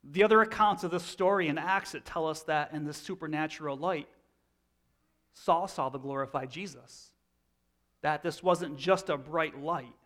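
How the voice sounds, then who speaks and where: A man in his thirties preaching a sermon. He teaches in a loose, conversational way and often restarts his phrases. His voice sits on the higher side for a man. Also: moderate pace, fairly bright tone. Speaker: pastor.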